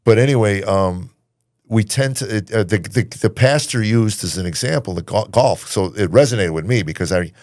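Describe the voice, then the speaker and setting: A man in his late sixties hosting a podcast, reflective and halting. His voice is very deep with a gravelly edge. The recording is dry and close. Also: a little mellow, no echo. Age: 60s. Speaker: podcast host. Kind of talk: casual podcast chat.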